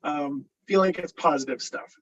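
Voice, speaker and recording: A man's voice: fairly high pitch, normal speed, fairly bright tone, distant mic, dull audio. A man, a filmmaker and actor, chatting casually on a video call after a table read, with many fillers and laughs.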